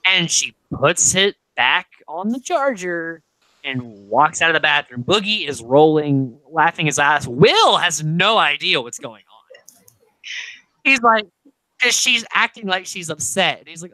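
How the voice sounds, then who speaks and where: A young woman chats casually as a podcast co-host, her pitch bouncing all over as she tells the story and acts out each quote. Her voice sits on the low side but rings bright and sharp. The sound is dry and close, with no room around it. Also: a little slow, no echo, poor audio. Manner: animated storytelling, acts out quotes, laughs often, swears casually. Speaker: podcast co-host recapping a reality show. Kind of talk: casual chat.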